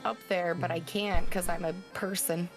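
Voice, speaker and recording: A woman's voice: lowish voice, steady tone, moderate pace, faint music behind, close to an everyday voice. Woman as cat-folk disguised as a human, bad folksy Minnesota accent, earnest and chipper. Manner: folksy, cheery, overly earnest.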